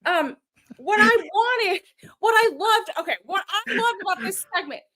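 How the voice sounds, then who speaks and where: A woman co-hosts a podcast in loose, casual chat, teasing her partner and breaking into laughter. Her voice sits high and bright, swinging widely in pitch. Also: expressive, normal speed. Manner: playful, teasing, exclaims and laughs often. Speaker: podcast co-host.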